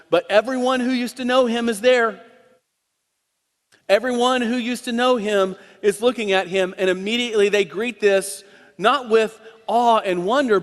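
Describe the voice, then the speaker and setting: Male preacher with a high voice, animated sermon storytelling, reverberant sanctuary. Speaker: pastor. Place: church sanctuary.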